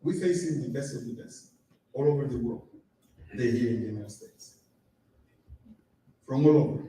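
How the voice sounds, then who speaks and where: A middle-aged man telling lively stories to a live audience, laughing often and acting out dialogue. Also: medium pitch, normal speed. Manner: animated, laughing storyteller, acts out dialogue. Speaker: guest speaker at a live fan event. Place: event hall with audience. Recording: very echoey hall, voice far from mic.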